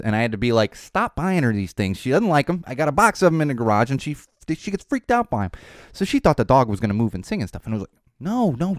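Thirty-something guy chatting on his podcast, rambly and laughing, voice jumps around a lot, dead dry sound. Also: no echo. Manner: rambling, self-interrupting, laughing; animated, mimics his daughter in a high voice. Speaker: podcast host. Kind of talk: casual chat.

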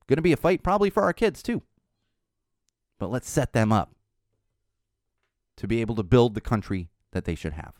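A man's voice: on the low side, no room sound. A man hosting his own podcast, delivering a blunt, profane, impassioned rant and then his sign-off from a studio. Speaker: podcast host. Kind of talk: ranting solo podcast commentary.

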